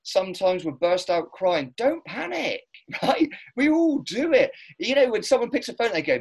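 A middle-aged man, chatting casually as host, blunt and animated, swearing freely as he tells stories. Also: high-pitched, normal speed, husky. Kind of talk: casual chat.

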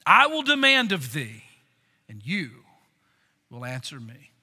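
A man putting on a solemn, slow voice of God, speaking in archaic scripture language in a reverberant hall. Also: a little high, huge pitch swings, pushed and bright, slightly rough, pitched below the performer's own voice, heavily acted. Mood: solemn, commanding. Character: God, ancient thundering divine male judge.

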